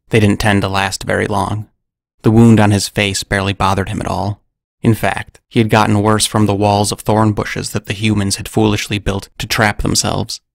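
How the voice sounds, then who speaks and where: Gravelly low-voiced man narrating a story. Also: no room sound, clean studio sound. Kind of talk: scripted narration.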